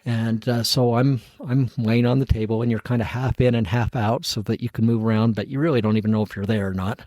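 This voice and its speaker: A man's voice: medium pitch, steady tone, fairly quick, dark tone, no room sound. A middle-aged man, a podcast guest, tells his own story in casual talk, acting out the voices of the people in it and chuckling at himself.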